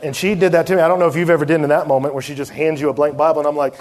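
Animated young man preaching. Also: on the high side, very fast, some chatter behind. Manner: animated storyteller acting out quoted voices. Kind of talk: sermon with storytelling.

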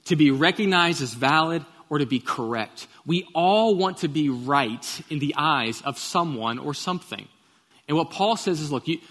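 A man preaching a sermon, opening with a prayer and then telling a childhood story with acted quotes in a relaxed, conversational way. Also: a little high. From Texas. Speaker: pastor. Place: church sanctuary. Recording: long church hall reverb.

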